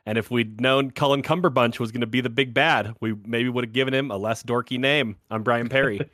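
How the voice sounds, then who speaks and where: A man's voice: medium pitch, steady tone, fairly quick, fairly bright tone, no room sound, studio quality. A man who hosts a podcast, opening the show and joking in an upbeat, casual way with frequent laughs. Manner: upbeat, jokey, laughs often. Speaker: podcast host.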